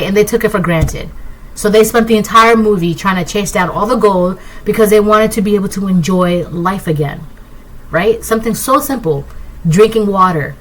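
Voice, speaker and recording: Woman, tarot reader, casual rambling talk, mid pitch, excitable digressions. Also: poor audio. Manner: keeps asking "right?". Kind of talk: casual collective tarot reading.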